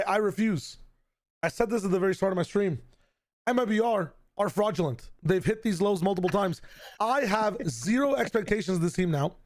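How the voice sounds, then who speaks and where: Hoarse man, high voice, streamer, profane emphatic rant. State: hoarse, voice gone. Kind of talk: casual stream commentary.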